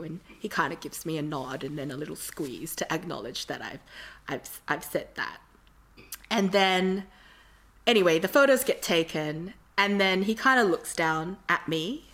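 A woman's voice: sits low, lively intonation, a little slow, fairly bright tone. A woman from Australia, telling a long rambling story in casual chat with lots of fillers.

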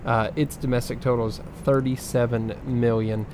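A man's voice: mid-range voice, level tone, normal speed, noisy background. A man co-hosting a casual podcast, running through figures with plenty of ums and uhs. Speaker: podcast co-host reading box office numbers. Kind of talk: casual chat.

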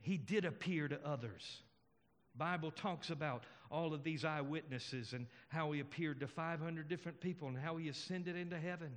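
Male pastor, sermon, earnest storytelling, emphatic, high voice, long church reverb. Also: moderate pace.

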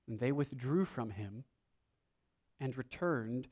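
A man preaching a sermon, reading scripture aloud and moving between emphatic lines and hushed ones. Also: mid-range voice, lively intonation, slow, husky. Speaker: pastor.

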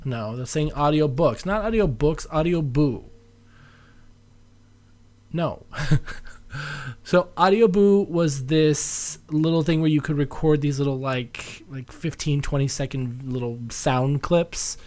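Wry man with a slightly high voice. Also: unhurried, a little mellow. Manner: wry, self-mocking asides. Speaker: host commenting on an old episode. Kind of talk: casual commentary.

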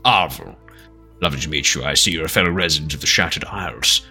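A man voicing a calm, polite male adventurer who speaks softly and hesitantly. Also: a bass voice, quick pace, creaky, soft background music, pitched below the performer's own voice, full character voice. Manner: soft-spoken, hesitant.

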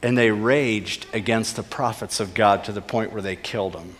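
A man preaching a sermon with earnest emphasis, his voice rising on key points and dropping to soft, low asides. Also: normal speed, in a large hall. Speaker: pastor.

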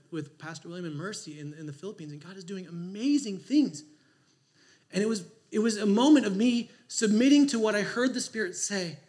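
Fast-talking, animated preacher man. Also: high voice. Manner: animated, conversational storyteller, acts out his own thoughts. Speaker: pastor. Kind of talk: sermon with storytelling.

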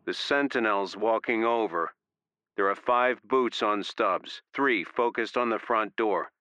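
A man voicing a tense lookout who gives slow, clipped status reports. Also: lowish voice, pushed and bright, clean tone, dry recording. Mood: tense reporting. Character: tense male lookout watching monitors.

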